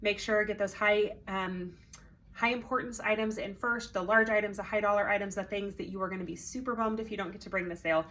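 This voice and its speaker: A woman's voice: mid-range voice, fairly even intonation, a little fast, fairly bright tone. A woman organizing a consignment sale, talking casually to sellers, with many ums, a little congested and out of breath. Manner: chatty, friendly, many ums.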